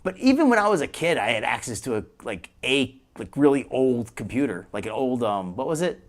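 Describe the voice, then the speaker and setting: A man's voice: medium pitch, sing-song, fairly quick. A man in his forties hosting a live stream, rambling casually while reacting to clips. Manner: rambling, chatty, quotes his younger self in a raised voice.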